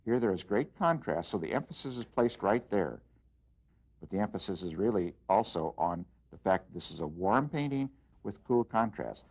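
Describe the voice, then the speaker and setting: A man's voice: fairly low pitch, animated, darkish tone. Man explaining art while demonstrating. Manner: unhurried, explanatory, with frequent fillers and restarts. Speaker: art teacher. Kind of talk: demonstration lesson.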